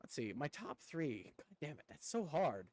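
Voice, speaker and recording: A man's voice: fairly high pitch, sing-song, moderate pace, a little mellow, a little hiss or hum. A man from the United States chatting casually on a live stream, rambling and cursing offhandedly.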